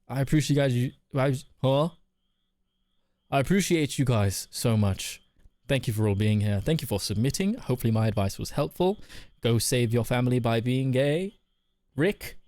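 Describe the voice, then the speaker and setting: A man's voice: medium pitch, lively intonation, moderate pace, darkish tone, no echo. A man streaming live, reading viewer messages aloud and answering them in a loose, chatty way that repeats itself. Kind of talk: casual live-stream chat.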